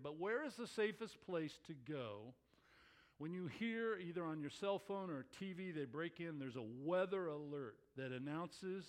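A man preaching a sermon to his congregation, telling stories in an animated way with exclamations that rise. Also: fairly high pitch. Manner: animated storytelling with rising exclamations. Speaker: pastor.

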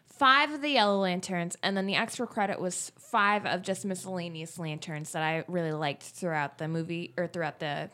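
A young woman in a casual group discussion, playful and quick to interject. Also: on the low side, pushed and bright. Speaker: student presenter. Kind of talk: casual chat.

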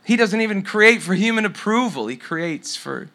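A man's voice: high voice, animated, normal speed, pushed and bright. A middle-aged man preaching a sermon, telling a story and dropping to a near whisper at tender moments. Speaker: pastor.

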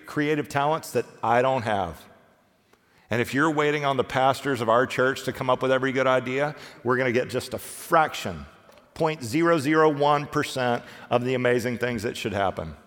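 A middle-aged male pastor delivers a sermon in a relaxed, conversational manner, slipping into little acted-out voices of the people he describes. His pitch sits in an ordinary middle range for a man. The sound carries the long reverb of a church sanctuary. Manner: conversational preaching, acts out quoted voices, pitch swings widely.

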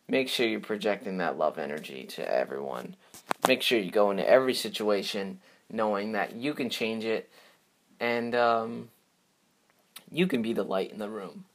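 Man, low-ish voice, casual solo podcast host, rambling, upbeat, lots of fillers. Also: lively intonation, a little slow.

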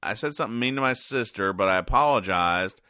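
A man's voice: on the low side, lively intonation, a little fast, pushed and bright, clean tone, dry recording, studio quality, voice pushed up. A man voicing a young boy from a comic strip who complains to his mother in a whiny, puzzled way.

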